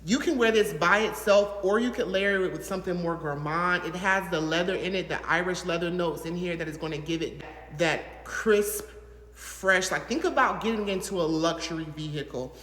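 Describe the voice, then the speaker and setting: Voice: mid-range voice, moderate pace, a bit bright. A fragrance reviewer from the American South, talking casually to camera in a gushing, chatty way full of fillers. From Southern United States. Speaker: fragrance reviewer, channel host. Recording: echoey room with long reverb.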